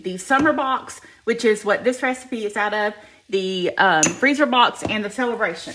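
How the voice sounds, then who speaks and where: A Southern woman from Alabama hosts a live home cooking stream from her kitchen, chatting folksily, greeting viewers by name, and saying "y'all" a lot. Allergies keep her clearing her throat; her voice is a little high and fairly bright, and the audio is poor.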